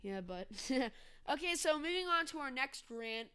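A woman's voice: high-pitched, animated, unhurried, a bit bright. A woman hosting a casual political commentary podcast, ranting sarcastically. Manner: sarcastic, ranting, mocks with put-on voices. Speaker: podcast host.

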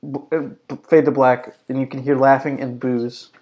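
A podcast co-host who calmly corrects and adds details in casual chat. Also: medium pitch, normal speed, muffled recording. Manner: matter-of-fact, correcting.

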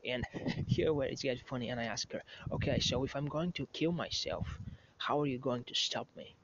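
A man's voice: mid-range voice, normal speed, a bit bright, slight background noise. A man in his thirties telling a rambling, profane anecdote as a podcast host, often correcting himself as he goes. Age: 30s. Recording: slightly muffled lo-fi recording.

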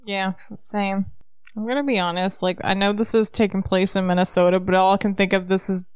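A woman's voice: mid-range voice, flat delivery, fairly quick, clear, resonant tone, dry recording. A woman co-hosting a podcast, chatting casually and jokingly about a book. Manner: joking, laughs often. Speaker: podcast co-host.

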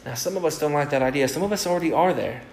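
Male pastor, fairly high voice, animated storyteller, preaching in an echoey church hall with faint ambience. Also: very fast, a little hiss or hum. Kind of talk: sermon. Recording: roomy church hall sound.

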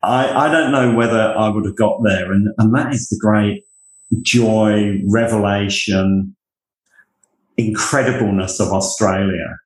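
A man's voice: fairly low pitch, a little slow, reverberant, low-quality recording. A middle-aged Englishman with a Northamptonshire accent, telling rambling, self-deprecating stories in an interview. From England. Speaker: interview guest, university leader. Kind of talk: conversational interview.

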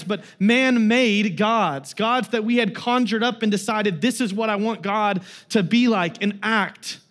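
A young adult man with a high voice is a guest preacher giving a sermon, and he tells a family story casually, with a lot of fillers.

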